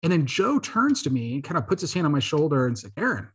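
Husky-voiced man telling stories. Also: fairly high pitch, quick pace. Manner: lively anecdotal storytelling. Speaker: guest filmmaker. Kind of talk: casual podcast interview.

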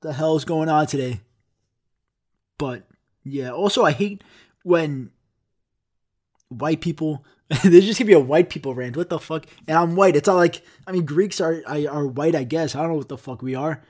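A man's voice: fairly high pitch, moderate pace, long pauses, darkish tone. A man hosting a podcast, ranting in a rambling, profane and self-mocking way. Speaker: podcast host. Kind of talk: casual podcast rant.

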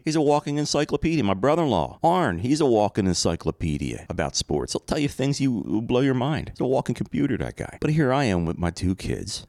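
A middle-aged man speaks in a very low register, recorded close and dry with almost no room sound. He talks casually and reflectively, like a podcast host telling a personal story. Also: darkish tone, no echo. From Philadelphia area, USA. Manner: conversational, reflective, rambling asides.

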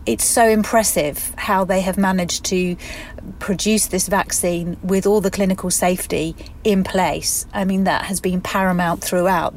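With a lowish voice and a faint hiss or hum on the recording, a middle-aged English florist talks through her audio diary at home and in her van. She's casual and chatty, emotional, and lets out sighs and laughter between thoughts.

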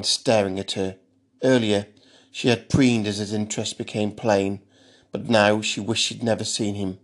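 Man narrating a tense thriller. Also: on the low side.

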